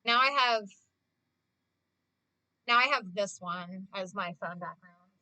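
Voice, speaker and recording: A young woman livestreamer chatting casually with her viewers, gushing and fast, with lots of "like". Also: mid-range voice, sharp tone, no echo. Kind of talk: casual chat to stream viewers.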